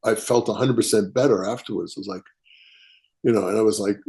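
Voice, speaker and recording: A man, a writer, telling a personal story as a podcast guest, animated and chuckling as he acts out quotes. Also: lowish voice, quick pace, creaky. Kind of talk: casual storytelling interview.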